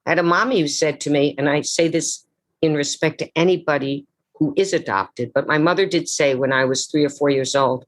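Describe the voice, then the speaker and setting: Dramatic older woman telling stories. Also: lively intonation. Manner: dramatic, slows for emphasis, drops low on key words. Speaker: actress and memoir author, guest. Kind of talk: theatrical storytelling in a conversation.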